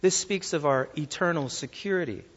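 A man's voice: fairly high pitch, moderate pace, a bit bright, husky. A man preaching a sermon to a congregation, emphatic and asking them rhetorical questions. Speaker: pastor. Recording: lo-fi sound with long hall reverb.

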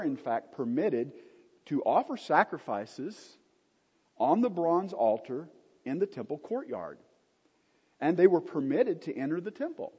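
Husky, lively male Bible teacher. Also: on the high side. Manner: emphatic, asks the listeners rhetorical questions. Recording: dull, lo-fi recording in an echoey hall.

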